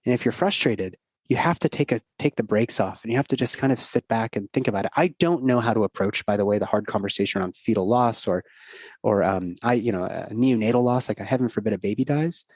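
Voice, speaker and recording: A man's voice: lowish voice, fast talker, darkish tone, dry recording. A middle-aged man, a doctor guesting on a podcast, telling a personal story in an earnest, rambling, casual way.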